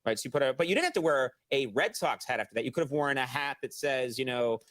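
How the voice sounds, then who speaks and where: Fast bright-voiced joking talk show host. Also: male voice, mid-range voice, animated. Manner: quick, joking and teasing. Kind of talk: bantering talk show interview.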